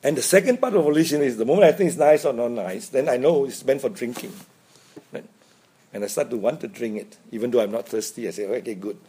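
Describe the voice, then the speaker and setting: A man's voice: mid-range voice, lively intonation, quick pace, dark tone, slightly rough. A man giving an informal Buddhist dharma talk, chatty, chuckling often and checking in with "right?". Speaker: Buddhist teacher.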